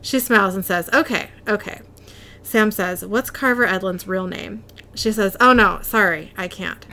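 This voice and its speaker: A woman's voice: medium pitch, normal speed, pushed and bright. A woman co-hosting a casual chat, recapping an episode and reading out lines of dialogue with frequent giggles. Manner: giggly, reads out dialogue in narration.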